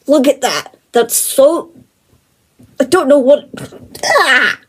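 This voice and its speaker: A woman giving casual reaction commentary, excitable and rambling, full of fillers and exclamations. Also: sits high, takes it slowly. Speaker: reaction video host.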